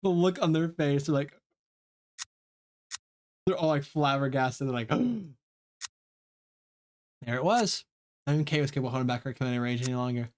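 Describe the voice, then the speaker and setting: A man's voice: mid-range voice, moderate pace, long pauses, darkish tone. A man streaming a story game live, reading aloud and reacting with frequent swearing.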